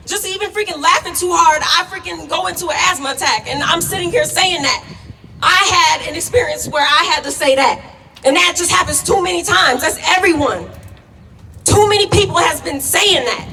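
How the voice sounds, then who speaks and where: A young woman speaks at an outdoor protest in a high, bright voice. She talks bluntly and emotionally. She was recorded from far off, with a long echo and faint noise behind her. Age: young adult. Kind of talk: impassioned rally speech. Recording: distant, echoey, faint noise.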